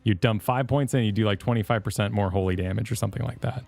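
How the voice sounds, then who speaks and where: A man in casual chat while playing an online game on a stream, animated and quick to laugh. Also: on the low side, vocal fry. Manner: animated, laughing, self-interrupting. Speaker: streamer co-host.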